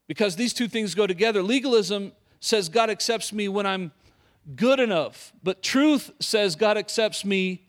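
The speaker is a middle-aged man with a high voice, giving a sermon as a pastor. His delivery is forceful, circling back to key phrases and asking the congregation questions.

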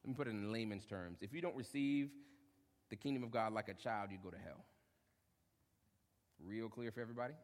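A young adult male pastor preaching a sermon, lively, acting out short quotes and joking with the congregation. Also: lowish voice, a little fast, long pauses. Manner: animated, acts out short quotes, jokes with congregation. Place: church hall. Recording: long hall reverb.

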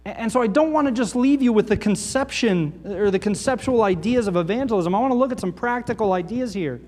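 Middle-aged male pastor, higher-pitched voice, emphatic sermon with sudden soft drops, church hall reverb. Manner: passionate, emphatic preaching with sudden drops to quiet. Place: church sanctuary.

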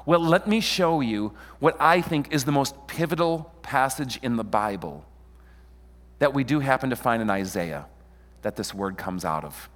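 A man preaching a sermon in an animated way, calling on the congregation to answer him. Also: medium pitch, moderate pace. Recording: long hall reverb.

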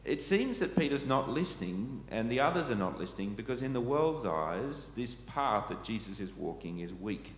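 A man's voice: mid-range voice, very animated, normal speed, few pauses. A man preaching a sermon, earnest and asking his listeners questions. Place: church. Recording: echoey church hall, faint ambient noise.

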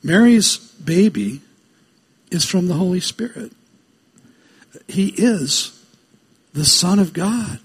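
A pastor delivers a sermon in a breathy, husky voice that sits slightly high for a man. He reads scripture aloud in slow, stressed phrases. Between the readings he breaks into brisk, chatty asides to the congregation. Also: animated.

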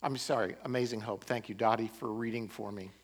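A man's voice: on the low side, brisk. A man preaching a sermon as pastor, building emphasis with rising and falling delivery. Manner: animated, rising and falling emphasis with occasional laughs.

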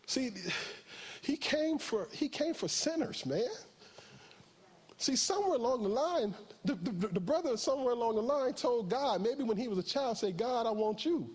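A man, a pastor, preaching a sermon, who acts out quotes in a raised voice and closes in a slow, soft prayer. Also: very high voice, animated, slightly rough.

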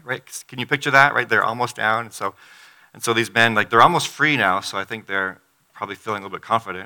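A man's voice: lowish voice, fast talker, bright, forceful tone. A middle-aged pastor giving a conversational sermon, acting out the quotes from the story as he reads. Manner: conversational, acts out quotes from the text.

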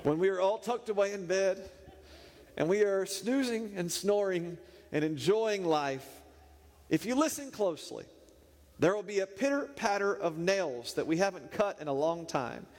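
A man preaching, telling a funny story in an animated, playful way. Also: sits high, moderate pace. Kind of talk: humorous sermon storytelling. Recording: echoey hall reverb.

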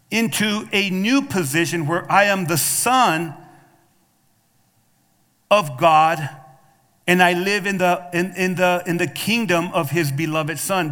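A man's voice: high-pitched, sharp tone. A male pastor preaching a sermon, calling out to the congregation for responses and often restarting his words with repeats. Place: church sanctuary. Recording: long hall reverb from a church.

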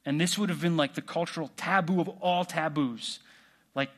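Guy preaching casually, kinda high voice, lots of questions to the crowd. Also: moderate pace. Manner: conversational preaching with rhetorical questions. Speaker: pastor. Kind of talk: sermon.

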